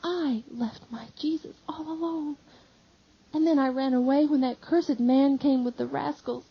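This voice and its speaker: A woman's voice: fairly even intonation, measured pace. A woman voicing a weeping, remorseful young male disciple, pleading through sobs. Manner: sobbing, pleading, high strained cries. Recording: slightly dull lo-fi audio.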